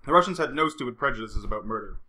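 A man narrating a novel aloud from a room at home. His voice is bright and a touch high, with a lively, animated rise and fall. He reads at a brisk clip. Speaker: audiobook narrator. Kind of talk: audiobook reading.

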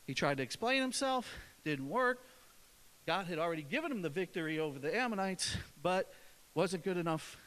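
High, bright-voiced preacher with a northern accent. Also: male voice, lively intonation, moderate pace. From northern United States. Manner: conversational, with many fillers and restarts; emphatic. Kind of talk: informal sermon.

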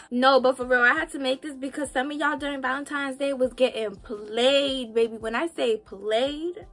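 A young woman vlogging casual relationship advice, sassy and animated, talking straight to the viewer. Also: high voice, normal speed, hardly any pauses, soft background music.

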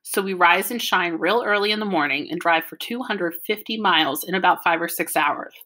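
A woman's voice: fairly low pitch, a little fast, sharp tone. A woman voicing a methodical, organized mom. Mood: planning. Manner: orderly, matter-of-fact, explaining. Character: organized mother reading out a careful trip plan. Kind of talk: audiobook reading.

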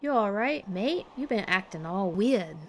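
A woman voicing a cheeky, rough-talking young girl adventurer in an attempted Australian accent. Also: medium pitch, animated, measured pace, slight background noise, natural voice. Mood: brash. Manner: cheeky, exclaiming, slangy.

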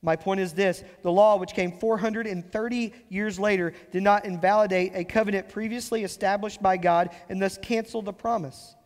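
A man preaching a sermon as pastor, explaining scripture and slowing down to stress key phrases. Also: high-pitched, steady tone, long reverb tail. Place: church sanctuary.

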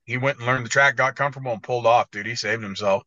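A man's voice: mid-range voice, steady tone, quick pace, bright, forceful tone, no echo. A man co-hosting a casual podcast, telling rambling, profane stories. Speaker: podcast co-host, motocross editor. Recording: dull, dry lo-fi audio.

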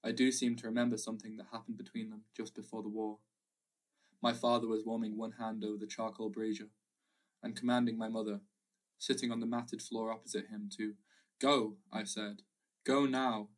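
A man reading a literary short story aloud in a measured, reflective way. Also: fairly low pitch, distant mic. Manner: measured, reflective, slow pauses. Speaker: audiobook narrator. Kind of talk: literary audiobook narration.

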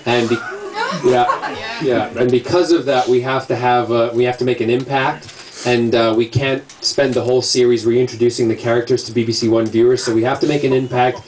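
A man's voice: mid-range voice, fairly even intonation, a little fast, a little mellow, recorded from a distance. A man in his forties, raised in Scotland but talking in an American accent, answering audience questions at a book signing in a playful, cheeky way. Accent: Scottish-raised speaker using an American accent. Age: 40s. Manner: playful, cheeky, laughs often. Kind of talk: casual Q&A chat. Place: bookstore event before an audience. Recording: crowded room with audience chatter.

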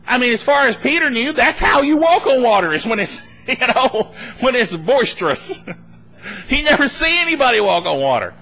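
A man preaching a live sermon at a church meeting, animated and laughing between points, acting out worried voices. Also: very high voice, moderate pace. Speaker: pastor.

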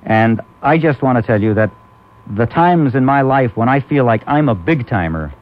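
A man's voice: mid-range voice, expressive, moderate pace. A man hosting a comic talk radio show, rambling and laughing often. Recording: muffled old AM radio recording.

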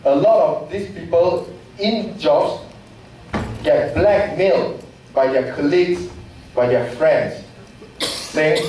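A man's voice: a little high, takes it slowly, long pauses, darkish tone. A man from Malaysia, giving an impassioned forum speech full of repeated rhetorical questions. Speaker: forum panelist. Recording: echoey hall, distant mic, faint noise.

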